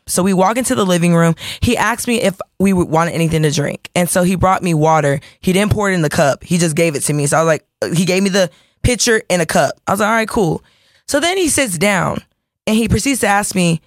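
Woman, podcast co-host, casual storytelling, animated, dry close sound. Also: medium pitch, fast talker, no echo. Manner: animated, addresses listeners as y'all, acts out quotes.

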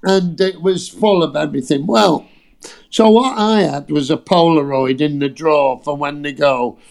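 A British man with a fairly high, creaky voice tells casual, foul-mouthed anecdotes as a guest at a moderate pace. He swears freely and is a lively storyteller.

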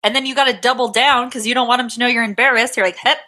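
Woman, bright and slightly high voice, casual comedic storyteller who swears and laughs through acted-out quotes. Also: steady tone, rapid-fire.

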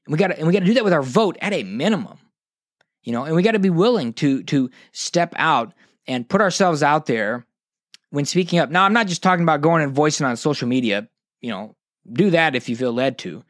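A man's voice: on the high side, lively intonation, fairly quick, no echo, clean studio sound. A man, hosting a podcast monologue in a passionate, preachy way, often restarting his sentences. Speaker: podcast host.

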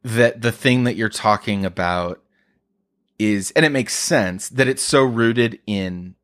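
A man's voice: fairly low pitch, takes it slowly, a bit bright, no echo, studio quality. A man hosting a casual podcast conversation, talking in an earnest, searching way and swearing casually.

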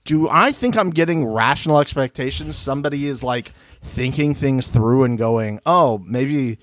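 A man's voice: medium pitch, moderate pace, no room sound, studio quality. A man co-hosting a podcast, chatting casually about a reality show and mimicking people in jokey voices. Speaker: podcast co-host. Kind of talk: casual reality TV recap chat.

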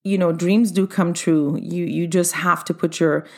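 Casting: middle-aged woman, dance studio owner, upbeat and chatty storyteller with a slightly low voice. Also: fairly even intonation, a little slow. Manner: upbeat, chatty, addresses listeners directly. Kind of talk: personal storytelling monologue.

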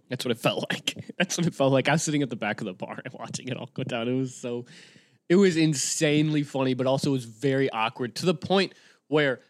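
A male podcast host telling a rambling, self-mocking story at home, swearing freely and breaking into loud yelled impressions. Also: no echo. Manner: bursts into loud high-pitched yelling for impressions. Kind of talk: casual solo storytelling. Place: home room.

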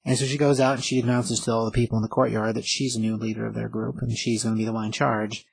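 A man's voice: lowish voice, level tone, quick pace, gravelly, breathy edge, low-quality recording. A man casually recapping a comic book story, rambling with lots of fillers and restarts.

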